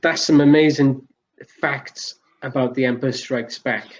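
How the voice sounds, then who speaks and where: A man's voice: mid-range voice, fairly even intonation, measured pace, lo-fi sound, background noise. A man co-hosting a podcast, chatting casually, rambling and restarting his sentences as he laughs along. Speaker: podcast co-host.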